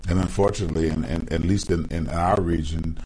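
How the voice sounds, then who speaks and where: A man's voice: sits low, steady tone, fairly quick, warm tone, a little hiss or hum, rough recording. A man hosting an interview, introducing his guest and affirming him often. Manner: affirming, with frequent "mm-hmm" and "right". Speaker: host. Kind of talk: interview host.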